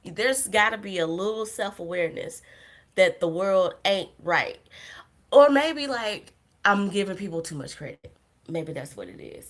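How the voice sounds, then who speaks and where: A young woman hosting a podcast livestream, chatting casually and rambling through tangents with self-deprecating humor and frequent laughs. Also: on the low side. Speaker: podcast host. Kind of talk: casual solo livestream chat.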